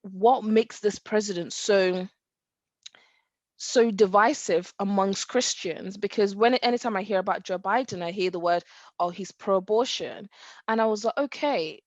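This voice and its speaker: A woman co-hosting a podcast, talking casually and acting out quotes with animated emphasis. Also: medium pitch, normal speed, no echo. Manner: animated, acts out quotes, laughs. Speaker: podcast co-host. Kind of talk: casual faith discussion.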